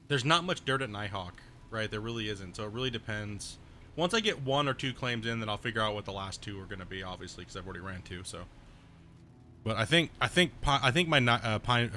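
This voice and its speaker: A man with a bright, forceful voice talks through his game plan at home, rambling and correcting himself as he goes. His tone is strong and clear over a faint hiss of background noise. It sounds like a casual home stream. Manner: thinks aloud, rambling and self-correcting; baby-talks to his cat in a high voice.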